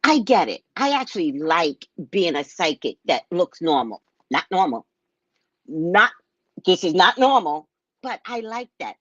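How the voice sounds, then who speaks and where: West indian lady psychic chatting about clients, voice jumps all over, bit husky, sounds dull and muffled. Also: unhurried, no echo. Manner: animated, acts out clients in loud high voices. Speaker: psychic, show host. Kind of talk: casual storytelling monologue.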